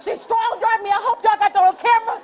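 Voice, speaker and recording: A woman under arrest, pleading and shouting insistently outdoors. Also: very high voice, flat delivery, quick pace. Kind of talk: heated argument during an arrest. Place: outdoors on a street with a crowd. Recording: loud crowd noise outdoors.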